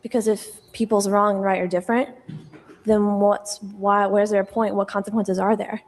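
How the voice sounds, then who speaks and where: A woman's voice: medium pitch, level tone, normal speed. Hesitant young woman in a hall. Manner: hesitant, filler-heavy. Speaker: audience questioner. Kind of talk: audience question at a debate. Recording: reverberant debate hall.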